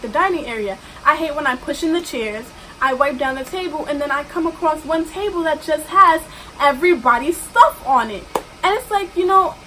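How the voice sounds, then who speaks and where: A woman's voice: high-pitched, a bit bright, a little hiss or hum, rough recording. A young woman vlogger telling work stories in an exasperated, emphatic way, full of "like". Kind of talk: ranting storytime vlog.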